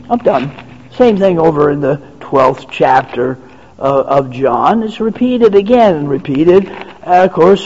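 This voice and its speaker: A man preaching in a slow, measured way, his voice sitting fairly high. He builds emphatic, repetitive runs of phrases and stretches his words out. The recording is dull and muffled and carries a long hall reverb. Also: darkish tone. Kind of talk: sermon.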